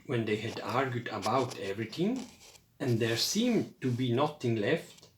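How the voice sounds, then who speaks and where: A man reading a children's picture book aloud in a lively storytelling voice. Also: mid-range voice, echoey room.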